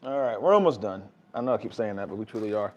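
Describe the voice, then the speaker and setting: A man's voice: fairly low pitch, quick pace, muffled recording, slight background noise. A young man, chatting casually to viewers as he cooks in his home kitchen. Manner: relaxed, chatty, talks to viewers while cooking. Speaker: family vlogger cooking. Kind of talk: casual cooking vlog chat.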